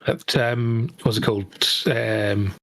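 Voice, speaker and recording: A young man chats over a call, mid-pitched and even. He sounds dry and matter-of-fact and likes to tease. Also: slow pace. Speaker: host's son, remote co-host. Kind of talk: casual chat over a call.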